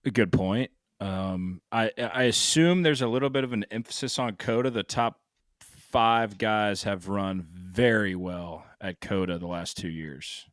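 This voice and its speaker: A hoarse man hosting a casual sports betting podcast, loose and a little profane, steering the talk with questions. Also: fairly low pitch, a little slow, dry recording, clean studio sound. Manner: loose, swears, leads the questions. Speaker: podcast host.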